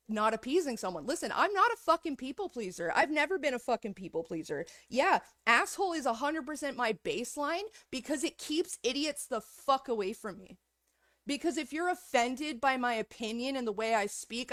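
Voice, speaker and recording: A woman's voice: fairly high pitch, a bit bright, dry recording, clean studio sound. A woman streamer in a heated, profanity-filled rant, angry throughout. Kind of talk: livestream rant.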